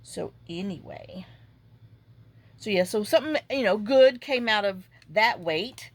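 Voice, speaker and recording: A woman's voice: mid-range voice, lively intonation, unhurried, no room sound. A middle-aged woman, chatting casually while she crafts and retelling conversations at length. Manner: rambling storytelling, reenacting conversations. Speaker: junk journal crafter.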